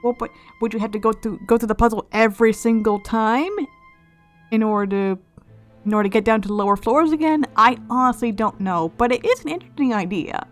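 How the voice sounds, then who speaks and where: A woman with a fairly high voice gives casual gameplay commentary, thinking out loud and turning ideas over as she goes. She often restarts phrases mid-thought. Faint music plays under her voice. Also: a little fast. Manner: musing, speculative, with frequent restarts. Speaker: let's play host.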